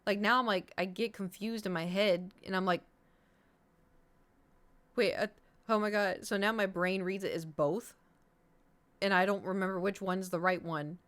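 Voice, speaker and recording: A woman's voice: medium pitch, steady tone, moderate pace, fairly bright tone. Chatty, rambling woman streamer. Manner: rambling, self-mocking, chatty with viewers. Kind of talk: casual live-stream chat.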